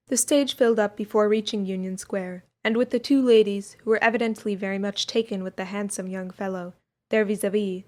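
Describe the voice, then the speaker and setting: Young woman narrating an old-timey adventure audiobook, steady and clear, mid-pitched voice. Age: young adult. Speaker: audiobook reader.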